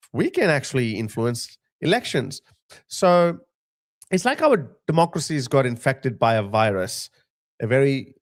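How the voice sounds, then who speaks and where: Male streamer, 30s, slightly high voice, emphatic opinion monologue with frequent restarts. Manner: emphatic, heated, repeats and restarts phrases. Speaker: political commentator streaming live.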